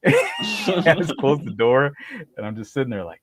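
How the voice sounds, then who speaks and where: Speaking fast at a medium pitch, a podcast host tells an animated story in casual conversation, often laughing and acting out the words of others. There's no echo.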